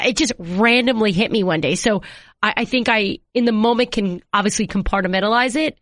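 A woman in her thirties, a TV sports anchor, telling stories in a casual interview and acting out quotes with jumps in pitch. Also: a little fast, no room sound, studio quality. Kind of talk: conversational storytelling.

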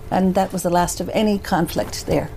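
A woman guest telling personal stories in a relaxed interview, animated and acting out the voices of the people she quotes. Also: lowish voice, normal speed, creaky. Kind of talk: conversational storytelling. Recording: faint background noise.

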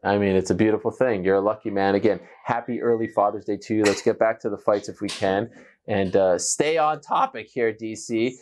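A man's voice: fairly low pitch, fairly quick, darkish tone, slight background noise. A man co-hosting a fight talk show over a video call from a spare bedroom, laughing easily but steering the talk back to analysis.

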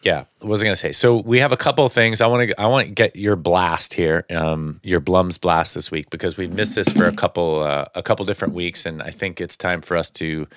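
A man's voice: deep voice, fairly even intonation, a little fast, few pauses, fairly bright tone. A man hosting a podcast, chatting casually and thinking aloud as he rambles. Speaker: podcast host. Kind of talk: casual chat.

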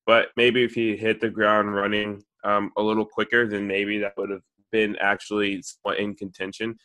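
A man's voice: on the low side, level tone, moderate pace, bright, forceful tone. A man co-hosting a casual sports podcast, teasing and wry. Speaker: podcast co-host.

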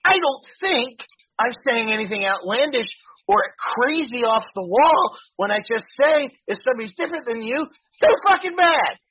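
A man's voice: very high voice, expressive, moderate pace, muffled recording, slight background noise. A man hosting a podcast in a casual, profane, ranting way with laughing asides. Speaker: podcast host.

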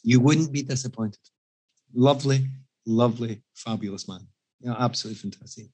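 Scottish man, husky voice, animated storyteller, casual chat, self-mocking. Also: mid-range voice, quick pace. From Scotland.

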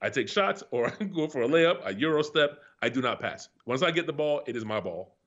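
A man's voice: medium pitch, lively intonation, a little fast, fairly bright tone. A man in his forties, a retired pro athlete, telling stories as a guest in a casual, profane, laughing way. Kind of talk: casual storytelling chat. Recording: slightly dull lo-fi sound.

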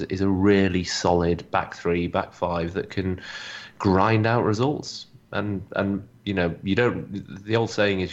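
A man with a low voice talks football on a podcast. He rattles along quickly, rambling and wry, piling up asides as he goes. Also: muffled recording. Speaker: podcast co-host. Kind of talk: casual football podcast chat.

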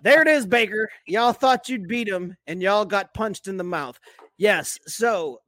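A man co-hosting a podcast, chatting casually about football, animated and profane, laughing often. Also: high voice, unhurried, no room sound. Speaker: podcast co-host. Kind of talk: casual sports chat.

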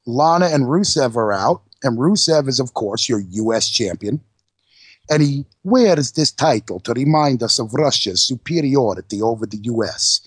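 A man's voice: mid-range voice, expressive, normal speed, slightly rough, dry recording. A man co-hosting an internet radio show, recapping wrestling in loose, profane casual chat. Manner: loose, profane, narrating play-by-play. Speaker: podcast co-host.

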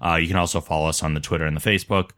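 A man hosting a podcast in a studio, talking casually in a relaxed, chatty way. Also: low-pitched, very fast. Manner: relaxed and chatty, with frequent fillers. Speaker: podcast host.

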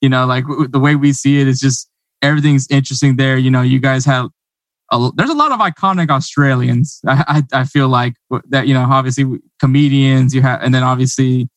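A man from the United States hosting a casual interview, talking quickly, laughing often and repeating words as he goes. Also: medium pitch, no echo. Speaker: host.

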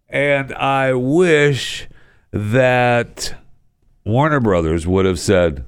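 A man's voice: fairly low pitch, big pitch swings, drawn-out words, clear, resonant tone, dry recording. A man hosting a talk show, ranting sarcastically about the news, often tripping over his words and restarting. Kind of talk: casual talk-show commentary.

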